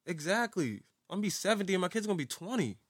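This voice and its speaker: A young man co-hosting a casual podcast, laid-back and slangy, quick to laugh. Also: sits high, animated, dry recording, studio quality. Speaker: podcast co-host. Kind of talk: casual chat.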